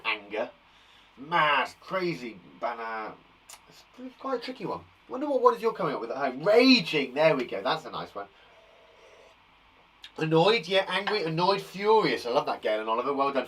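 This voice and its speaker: A man with an English accent teaching a live online lesson to young children, lively and animated, acting out example sentences. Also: medium pitch, recorded from a distance, low-quality recording. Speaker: primary school teacher.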